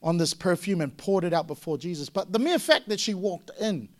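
High-voiced animated man preaching. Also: a little fast. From Samoa. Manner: animated, acts out voices with sudden loud high bursts. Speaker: pastor. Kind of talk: sermon.

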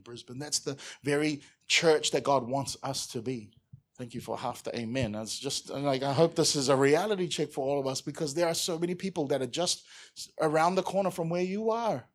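A man with a New Zealand accent preaching a lively sermon, acting out scenes and rising to shouts. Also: a little high. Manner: animated, acts out bits with shouted voices. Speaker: pastor.

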